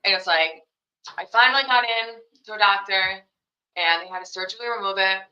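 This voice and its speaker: A woman's voice: medium pitch, brisk, bright, forceful tone. A young woman, a mother, answering interview questions in a casual, rambling way full of fillers. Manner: rambling, heavy on fillers like "you know" and "like". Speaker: podcast guest, young mother. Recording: roomy, dull lo-fi sound.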